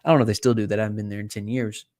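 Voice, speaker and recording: A man's voice: on the low side, steady tone, rapid-fire, a little mellow. A man from South Carolina in his thirties with a Southern country accent, talking casually to his audience and rambling through stories with plenty of fillers and restarts. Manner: rambling, full of fillers and self-corrections. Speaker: fund manager and podcast host. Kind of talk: casual talk to camera.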